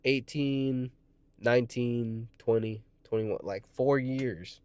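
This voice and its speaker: A man's voice: medium pitch, normal speed, no echo. Profane young man telling a story. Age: 20s. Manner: profane, rambling, frequent swearing; restarts and self-corrections. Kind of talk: casual storytime monologue.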